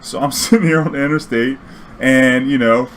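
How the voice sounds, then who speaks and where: Man, mid-pitched, loose and profane, acts out the dialogue in a casual story. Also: normal speed, a bit bright, slight background noise. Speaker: storyteller and streamer. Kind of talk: casual anecdote telling.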